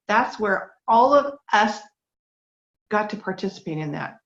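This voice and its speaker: A woman's voice: mid-range voice, animated, a little slow. A middle-aged woman giving a heartfelt, faith-based talk, earnest and emotional, fighting back tears. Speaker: speaker sharing a testimony. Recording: dull lo-fi recording.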